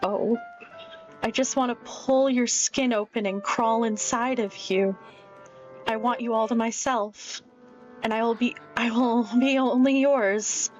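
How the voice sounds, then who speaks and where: Intense, pleading obsessive young girl voiced by a woman streamer, slightly high, dull lo-fi sound. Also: fairly even intonation, a little slow, close to an everyday voice. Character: obsessive young woman confessing unsettling love. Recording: dull lo-fi with faint music.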